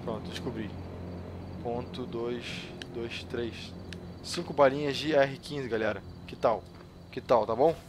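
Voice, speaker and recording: Man, Brazilian accent, gaming commentary, excitable, jokey, swears a lot, mid pitch, faint noise. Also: moderate pace. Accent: Brazilian Portuguese. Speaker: gaming YouTuber. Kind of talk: gameplay commentary to viewers.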